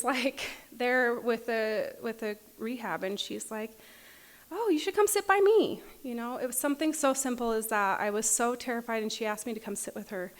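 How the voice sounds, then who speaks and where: A woman telling her recovery story at a meeting, candid and often laughing as she acts out her past self. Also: fairly high pitch. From Utah. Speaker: AA meeting speaker. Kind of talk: personal recovery talk. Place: meeting room.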